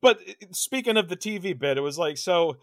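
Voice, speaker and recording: Guy on a horror movie podcast, high bright voice, dry close mic, keeps cracking up. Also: fairly quick, dry recording. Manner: animated, laughs often, trails off into restarts. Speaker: podcast co-host. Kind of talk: casual film-review chat.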